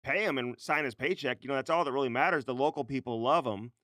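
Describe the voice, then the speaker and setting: A man co-hosting a podcast, chatting in a relaxed, agreeable way with trailing asides. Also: mid-range voice, fast talker, dry recording, studio quality. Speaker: podcast co-host. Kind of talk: casual chat.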